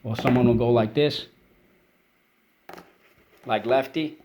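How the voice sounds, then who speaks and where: A man teaching a spelling and vocabulary lesson for kids, explaining words patiently and drilling them in call-and-response with quick praise. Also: mid-range voice, fairly even intonation, darkish tone.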